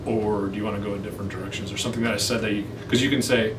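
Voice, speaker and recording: A man's voice: on the low side, quick pace, few pauses. Easygoing man, far off in echoey room. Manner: easygoing, teasing, talks things through. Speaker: interview guest. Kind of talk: casual chat between takes. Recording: echoey room, far from mic, steady background noise.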